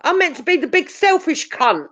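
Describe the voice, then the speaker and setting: Brief: woman, blunt profane ranter, lively up-and-down delivery, slightly high pitch, dull lo-fi sound. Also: moderate pace, no room sound. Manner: blunt, sweary, confrontational. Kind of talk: heated profane rant. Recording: dull lo-fi audio.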